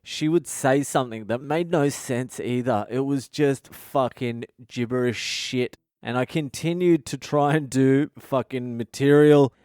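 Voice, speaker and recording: Foul-mouthed man, smooth dry voice. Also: mid-range voice, a little mellow, no echo. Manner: foul-mouthed, blunt, ranting. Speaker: podcast host. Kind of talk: casual storytelling monologue.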